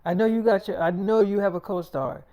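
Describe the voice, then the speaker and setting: A man's voice: sits high, steady tone, brisk, a little mellow, close to an everyday voice. A man quoting a suspicious young woman who keeps pressing him with questions, in nearly his own voice.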